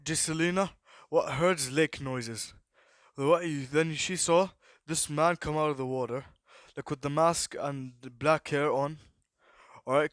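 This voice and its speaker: A man's voice: fairly high pitch, fairly bright tone, dry recording, studio quality. A young man casually narrating an improvised fan story, rambling with lots of fillers and repeated prompts to himself.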